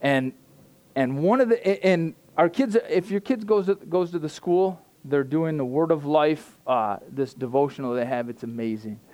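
Chatty, slightly high-voiced male preacher. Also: normal speed, darkish tone. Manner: conversational, self-deprecating, many restarts and fillers. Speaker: pastor. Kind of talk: informal sermon.

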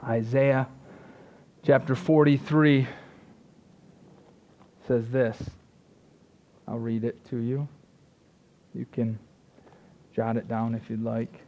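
A man's voice: mid-range voice, little pitch movement, slow pace, pauses often, highs cut off. A man preaching a sermon with earnest energy, often restarting his sentences and asking "right?" to his listeners. He is a father of young children, in his thirties or forties. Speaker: pastor.

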